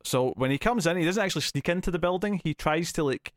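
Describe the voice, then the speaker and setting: A man co-hosting a podcast, chatting casually about a film and often pausing to restart his sentences. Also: a little high, no echo. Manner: rambling, hesitant, with frequent fillers and restarts. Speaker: podcast co-host. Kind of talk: casual film review chat.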